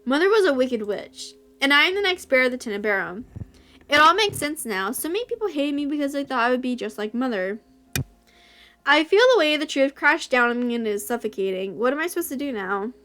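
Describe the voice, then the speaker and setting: A young woman with a high, smooth and clear voice reads a visual novel aloud in the first person. Soft game music sits faintly underneath her. Between passages she squeals and gushes at the story. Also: sing-song, fairly quick. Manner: squeals and gushes when reacting.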